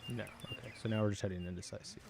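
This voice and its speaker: A man's voice: lowish voice, rapid-fire, very noisy. A man giving casual gameplay commentary with chatty, joking asides.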